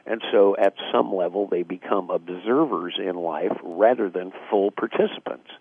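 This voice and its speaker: A man's voice: deep voice, moderate pace, gravelly, slight background noise. A man, a guest author, explaining his ideas in a casual radio interview, reflective and full of fillers. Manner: reflective, acts out quoted dialogue, frequent fillers. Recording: tinny phone line.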